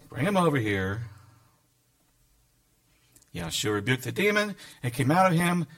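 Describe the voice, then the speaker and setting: A man's voice: fairly high pitch, big pitch swings, normal speed, creaky, pauses often, a bit bright. A man teaching a Bible lesson in a conversational sermon style, reading verses aloud and adding casual asides.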